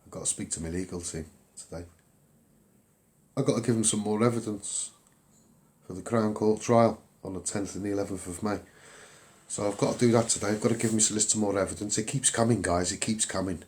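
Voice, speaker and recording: A man's voice: fairly low pitch, steady tone, a little fast, pauses often, darkish tone. A man with a Liverpool accent talking casually to viewers on a livestream, upbeat and rambling, repeating himself with lots of ums. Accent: Liverpool (Scouse). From England.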